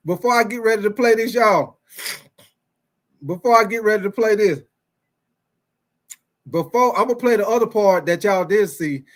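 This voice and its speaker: A young man hosting a casual sports talk show, animated and quick to laugh, repeating his phrases and calling out to viewers. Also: high-pitched. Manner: animated, laughing often, repeats phrases, reads live chat. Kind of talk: casual chat.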